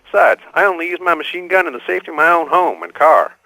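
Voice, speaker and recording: A man's voice: on the high side, big pitch swings, quick pace, gravelly, sharp tone, no echo, heavily acted, low-quality recording. An actor voicing a gun-loving male caller who talks in a folksy, self-assured way.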